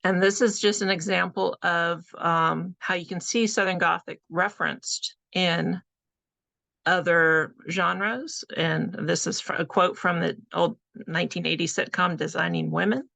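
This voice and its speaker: Gravelly, bright-voiced woman presenter. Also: on the low side, steady tone, unhurried, dry recording. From California. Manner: chatty, conversational, with frequent fillers. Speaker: author giving a presentation. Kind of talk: casual presentation talk.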